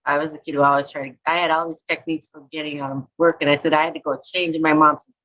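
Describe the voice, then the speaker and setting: Low-voiced chatty woman from Minnesota. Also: little pitch movement, fast talker, fairly bright tone, rough recording. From Minnesota, USA. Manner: rambling, chatty, acts out quotes and self-talk. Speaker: artist and author, interview guest. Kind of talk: casual storytelling interview.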